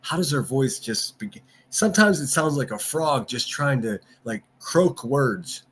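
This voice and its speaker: A man's voice: mid-range voice, lively intonation, measured pace, a bit bright, a little hiss or hum. A man hosting a livestream, ranting and mocking in casual commentary and answering his chat. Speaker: livestream host.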